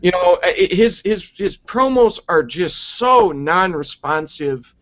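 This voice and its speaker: A man reviewing wrestling in a profane, exasperated rant, sarcastic and quick to mock. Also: sits high, animated, a bit bright. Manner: sarcastic and exasperated, heavy swearing. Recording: dull lo-fi recording.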